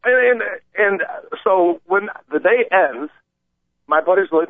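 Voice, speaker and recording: A man calling in to a radio show and telling an animated, rambling story, acting out the voices of the people in it. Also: high voice, a little slow, no echo. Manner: excited, acts out quoted voices, rambling. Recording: tinny phone line, dry.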